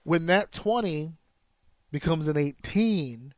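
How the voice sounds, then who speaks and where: A man's voice: a little high, lively intonation, normal speed, a little mellow, no echo, studio quality. A man, a wrestler hosting a podcast, explains in a casual, profane monologue, counting out rhythms with sound effects.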